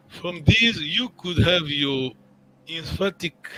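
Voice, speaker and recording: A man's voice: on the high side, animated, slow pace, very noisy. A man teaching an online language class, patient and encouraging, repeating words and checking in with his students.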